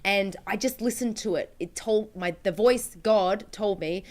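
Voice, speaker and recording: A woman's voice: mid-range voice, unhurried. A woman co-hosting a livestream chat, talking earnestly and laughing easily. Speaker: co-host.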